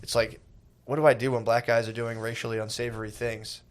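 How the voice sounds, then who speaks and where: A man's voice: medium pitch, little pitch movement, brisk. A man in his thirties co-hosting a comedy podcast, rambling in a sarcastic, self-mocking way. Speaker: podcast co-host. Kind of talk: crude comedic banter.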